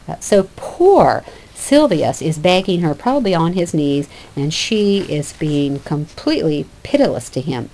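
A woman's voice: sits low, sing-song, unhurried, few pauses, dark tone, low-quality recording. A woman teaching literature, reading a play aloud and explaining it in a conversational way.

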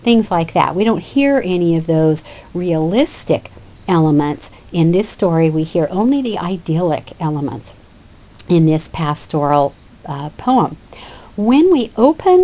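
A woman's voice: lowish voice, darkish tone. A woman teacher giving a lecture that explains a classic play scene by scene. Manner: explanatory, with fillers and restarts. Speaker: literature teacher.

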